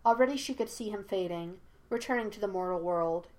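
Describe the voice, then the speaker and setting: A woman narrating a fan story in an even, steady storytelling voice. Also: medium pitch, brisk. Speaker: audiobook reader.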